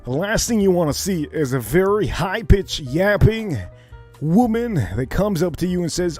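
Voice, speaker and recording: A man hosting a livestream, telling a story in a casual, profane, animated way and acting it out. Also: sits high, slow, faint music behind. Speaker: livestream host.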